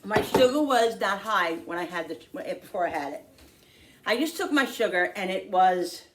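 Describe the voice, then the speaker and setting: A woman talking casually to the camera in her home kitchen, chatty and quick to vent when annoyed. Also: mid-range voice, background noise. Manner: chatty, animated, prone to exasperated venting. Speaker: home cooking vlogger.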